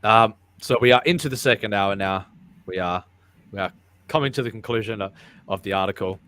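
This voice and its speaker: Man, low voice, podcast host, casual live chat, rambling, repeats himself. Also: fairly quick, bright, forceful tone. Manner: rambling, repeats words, laughs often.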